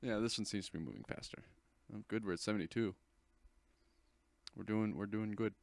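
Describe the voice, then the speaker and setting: A teenage host comments casually over a screen recording of an install, rambling and correcting himself as he chats. His voice is fairly low, creaky and darkish in tone, fairly quick, and recorded dry.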